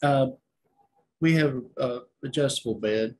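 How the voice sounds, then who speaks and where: A man in his fifties or older, a client in a casual conversation, soft-spoken with short plain answers. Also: mid-range voice, measured pace, low-quality recording. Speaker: client at a reading.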